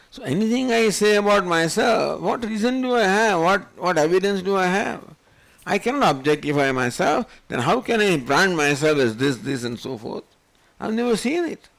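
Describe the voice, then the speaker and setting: Gravelly older man teaching scripture. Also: fairly high pitch. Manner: questioning, rhetorical, animated. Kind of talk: Vedanta scripture lecture.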